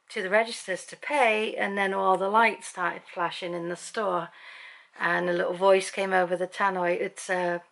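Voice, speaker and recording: Speaking in a low-leaning voice with vocal fry and a fairly bright tone, a middle-aged woman from Britain rambles through a long tale, dropping plenty of ums. She's a family vlogger filming a casual, chatty vlog at home one evening.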